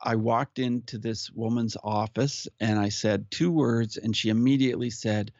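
A man's voice: medium pitch, steady tone, darkish tone, no room sound. Earnest man with muffled, dry sound. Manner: earnest, unhurried storytelling. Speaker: podcast guest who hosts his own show. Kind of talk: personal storytelling in conversation. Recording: slightly muffled audio.

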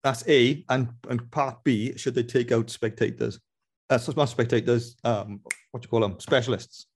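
A man hosting a casual podcast and reading out quiz questions, brisk and laughing often. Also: medium pitch, steady tone, slightly rough. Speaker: podcast host running a quiz. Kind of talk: casual chat, quizmaster.

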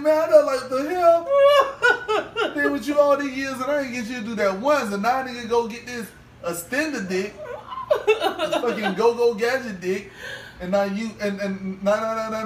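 A man's voice: high-pitched, fairly bright tone. A man co-hosting a podcast in casual chat, joking and crude, teasing with mock outrage. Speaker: podcast co-host. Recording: roomy, distant mic with faint hiss.

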